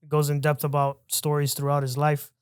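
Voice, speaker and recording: A male podcast host who keeps things easy and lets his guest talk. His voice is smooth and clear, a little high for a man, and held to a flat, even tone. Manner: easygoing, reacts briefly, asks questions slowly. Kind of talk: interview.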